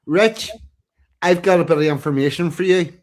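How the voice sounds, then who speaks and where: A man's voice: a little high, normal speed. A man hosting a casual livestream chat, talking bluntly with profanity.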